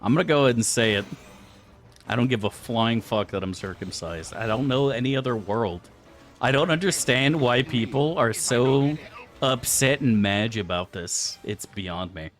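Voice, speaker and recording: A man's voice: mid-range voice, expressive, normal speed, faint music behind. A man chatting casually on a live game stream, crude and profane, rambling through asides to his chat.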